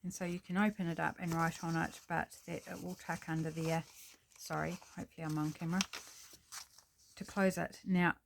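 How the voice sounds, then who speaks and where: A woman's voice: fairly low pitch, vocal fry, slight background noise. A woman hosting a casual crafting tutorial at her table, thinking aloud and apologizing with self-deprecating chatter as she works. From New Zealand.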